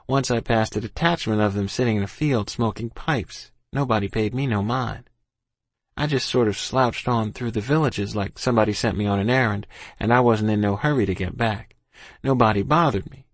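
A man's voice: on the low side, normal speed, dry recording. A man reading a first-person story aloud as an audiobook, in a folksy, plain-spoken rural dialect. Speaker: audiobook narrator.

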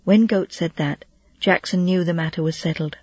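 An audiobook narrator telling a children's novel in a steady storytelling voice, now and then lightly voicing the characters. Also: medium pitch, moderate pace, husky, no echo. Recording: dull, dry lo-fi recording.

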